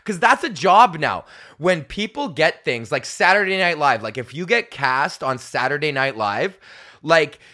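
A young podcast host rants through a solo comedy episode, rambling, swearing, laughing at his own bits, and putting on mocking voices when he quotes people. His voice is a little high, bright and forceful, with big pitch swings and an unhurried pace.

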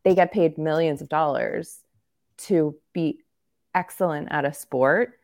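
A woman's voice: deep voice, unhurried, gravelly, darkish tone. A woman co-hosting a sports podcast, talking in a candid, joking and rambling way in casual chat, with a slight cough. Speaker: podcast co-host.

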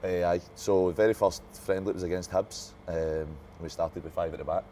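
A man with a Scottish accent, a footballer being interviewed, giving relaxed, short plain answers. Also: low voice, normal speed, a little hiss or hum. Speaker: footballer guest. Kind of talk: casual chat.

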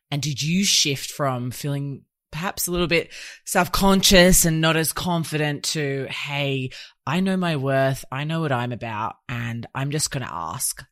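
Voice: mid-range voice, unhurried, a bit bright. Podcast host asking questions. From Australia. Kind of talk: interview questions.

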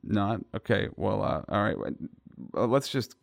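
A man's voice: fairly low pitch, animated, measured pace, creaky, no echo, clean studio sound. A man hosting a radio show, joking and rambling in casual chat.

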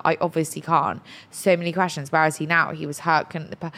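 Young woman host, lower voice, frank storyteller, casual chat. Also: flat delivery, brisk, a bit bright. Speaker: podcast host. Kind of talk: casual chat, telling dating stories.

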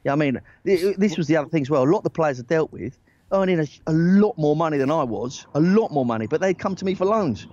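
A man telling animated anecdotes as a guest in a casual podcast interview, full of restarts and asides. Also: a little high, fast, muffled recording. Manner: animated anecdotes, rising excitedly, lots of restarts. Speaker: guest, former football agent.

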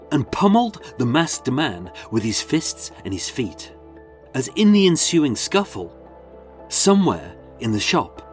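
Male narrator for dramatic crime storytelling, mid-pitched, very expressive intonation. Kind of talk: scripted true-crime narration.

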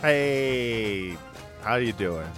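A man's voice: medium pitch, expressive, very slow, a bit bright, soft background music. A man guesting on a comedy podcast, riffing loosely and joking through the chat. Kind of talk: casual comedic banter. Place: Los Angeles.

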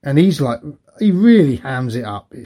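In a casual film chat, a middle-aged podcast co-host wanders through anecdotes and laughs a lot. His mid-range voice is mellow and sing-song, moving at a normal speed.

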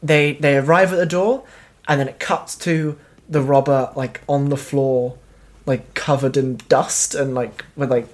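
A woman's voice: very deep voice, fairly even intonation, measured pace, a little mellow. Giggly woman with a Cornish accent. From Cornwall. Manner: giggly, reads facts aloud, rambling. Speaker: podcast co-host. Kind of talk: casual chat.

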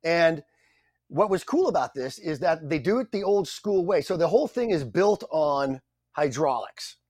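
A middle-aged man, a guest actor, telling stories on a podcast in an animated, self-deprecating way. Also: a little high, moderate pace, no room sound. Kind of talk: anecdotal storytelling.

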